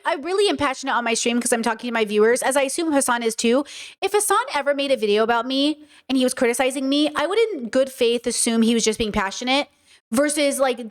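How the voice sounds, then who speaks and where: A woman streamer with a high voice reacts to a clip in loose, emphatic commentary. She hammers her points through repetition and slips into mock voices when she quotes people. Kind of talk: casual commentary.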